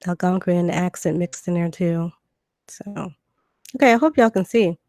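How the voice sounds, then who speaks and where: A woman's voice: on the low side, measured pace, a little mellow, dry recording, clean studio sound. A woman with a Southern US accent from Virginia with a Georgia twang hosts a casual live stream, chatty and loose with many fillers and restarts, while reading out dictionary definitions at home. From Virginia and Georgia, USA. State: recovering from illness. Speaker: livestream host.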